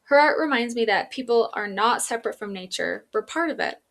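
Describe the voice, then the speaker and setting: A woman's voice: a little high, expressive, fairly quick, gravelly, a bit bright. A young woman, an art student, giving a class presentation in an earnest, reflective and personal way.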